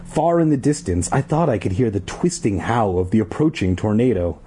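Low, husky male storyteller. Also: expressive, normal speed, dark tone. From Southern California. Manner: dry, joking asides breaking from the reading. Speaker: story reader. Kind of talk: casual read-aloud of a children's horror book with asides.

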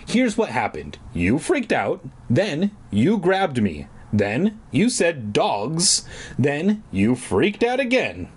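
A man's voice: on the high side, huge pitch swings, takes it slowly, husky, heavily acted. A man voicing a puzzled, pushy boy new to town in close to his own voice, read from a children's spooky book. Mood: forced calm. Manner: insistent, exasperated.

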